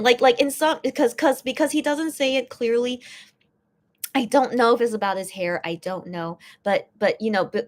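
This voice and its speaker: A woman hosting a casual stream, translating and explaining posts, talking in a rambling way full of fillers and restarts. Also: fairly high pitch. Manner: gets teary and emotional while reading. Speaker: fan channel host translating posts. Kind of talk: casual live-stream chat.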